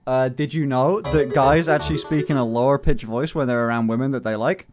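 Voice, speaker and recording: With music playing underneath, a young livestreamer speaks fairly quickly in a mid-range voice with fairly even intonation. He reads chat messages aloud and chats casually, often joking, swearing, and laughing.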